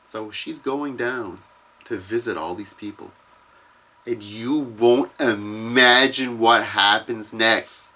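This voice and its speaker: A man casually retelling a comic storyline, profane and animated, acting out what the characters say. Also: fairly low pitch, slow pace. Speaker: comics explainer.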